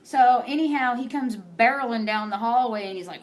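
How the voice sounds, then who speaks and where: A woman's voice: on the high side, moderate pace, hardly any pauses. A woman chatting casually, animatedly retelling events and acting out what others said. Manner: animated storyteller, acts out quotes. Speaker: vlogger recounting a police raid. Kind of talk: casual chat.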